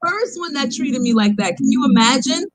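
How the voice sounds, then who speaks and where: A woman's voice: sits high, expressive, brisk, no room sound. Woman, comedy podcast co-host, indignant, exaggerated complaints, dry close sound. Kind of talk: casual comedic banter.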